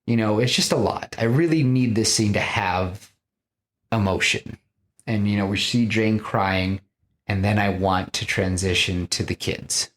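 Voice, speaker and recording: A man with a fairly low voice pitches a story on a casual podcast. He tells it in an animated, rambling way, full of fillers like "you know" and "kinda". The delivery is loose and conversational. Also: measured pace. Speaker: podcast host.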